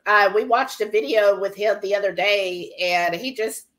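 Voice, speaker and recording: A woman co-hosting a casual live stream. She chats in a lively way and reads viewer comments aloud. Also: mid-range voice, moderate pace. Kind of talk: casual chat.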